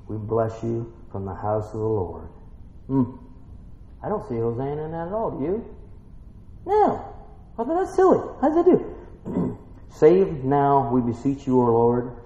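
A man preaching a folksy Bible-teaching sermon, swinging between quiet musing and excited exclaiming. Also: medium pitch, a little slow, pauses often, slight background noise. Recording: echoey room, muffled lo-fi sound.

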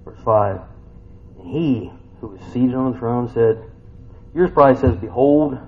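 A man in his fifties preaching a sermon in a folksy, conversational way, tossing in rhetorical questions and swinging from loud, high bursts to quiet, low reading. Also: measured pace. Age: 50s. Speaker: pastor. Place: church sanctuary. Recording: dull, lo-fi church recording with faint ambience.

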